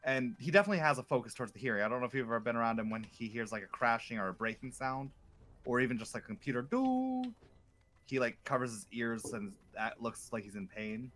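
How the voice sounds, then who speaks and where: Speaking quickly in a medium, slightly bright voice, this co-op gamer chats casually with a friend while they play online. His stories ramble and are full of fillers.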